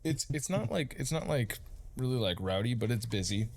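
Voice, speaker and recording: A man's voice: mid-range voice, expressive, moderate pace, a little mellow, slight background noise. A man narrating a tabletop game as game master, casual and rambling with lots of fillers.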